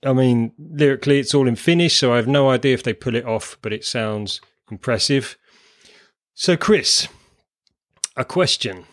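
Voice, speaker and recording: A man's voice: mid-range voice, normal speed. A man co-hosting a music podcast, chatting in a rambling, self-deprecating way. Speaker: podcast co-host. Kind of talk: casual chat about music.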